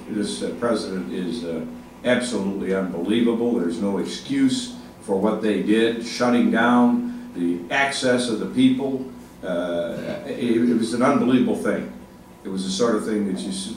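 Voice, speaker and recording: An older man giving a speech to an audience, halting with many fillers and restarts, speaking with emphasis. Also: fairly low pitch. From Ohio, United States. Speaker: state legislative leader giving a speech. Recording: echoey hall, mic far off, faint noise.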